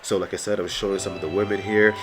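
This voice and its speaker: A man's voice: low-pitched, steady tone, fast talker. A man from Canada with a cold and a congested voice, giving rambling casual voice-over commentary full of fillers. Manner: rambling, many fillers like "you know". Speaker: bodybuilder vlogger.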